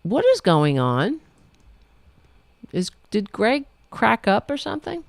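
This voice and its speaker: A woman's voice: medium pitch, wildly swooping pitch, takes it slowly, vocal fry, no echo. A woman hosting a political talk show from home, blunt and exasperated, cursing freely and cooing at her pets between rants. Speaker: host.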